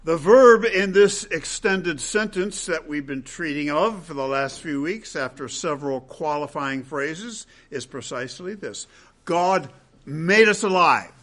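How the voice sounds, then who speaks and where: A man preaching an expository sermon, slow and emphatic, rising to loud stresses and dropping to quiet ends. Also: a little high.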